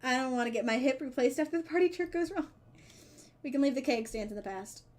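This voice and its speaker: A woman's voice: sits high, fast talker, darkish tone, lightly acted. A woman voicing a laid-back, goofy jock dad in a dating game, jokey and easygoing. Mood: nostalgic.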